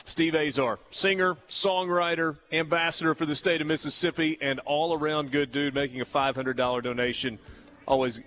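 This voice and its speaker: A man's voice: on the high side, steady tone, moderate pace, sharp tone, a little hiss or hum. A man hosting a radio talk show, bantering playfully with a guest and making a fundraising appeal from the studio. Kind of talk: casual on-air chat and fundraising appeal.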